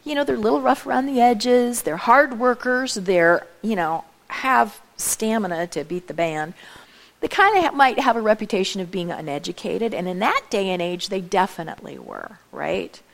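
A chatty woman gives a lively talk to a church audience, her voice gravelly with vocal fry. She keeps asking her listeners direct questions and adds quick asides. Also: mid-range voice. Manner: chatty, many asides and laughs. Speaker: speaker at a church event.

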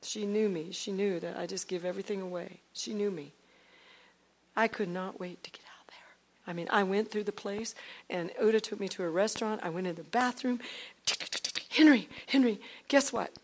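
A woman leading a ministry team, telling a faith testimony to a congregation in an animated storytelling way, moving from loud outbursts to near-whispers. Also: medium pitch, a little fast. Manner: acts out quoted dialogue, swinging from loud to hushed.

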